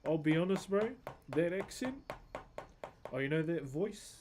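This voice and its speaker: Rural New Zealand man, relaxed livestream host, friendly brotherly banter, a touch high-pitched. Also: a little slow, background noise. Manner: laid-back, jokey, calls everyone brother. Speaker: wood carver streaming live. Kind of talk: casual livestream chat with viewers.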